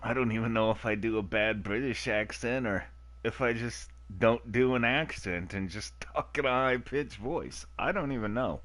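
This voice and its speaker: A man's voice: mid-range voice, moderate pace, a bit bright, no room sound. A man streaming a dating game, joking and rambling with frequent laughs as he comments on the choices.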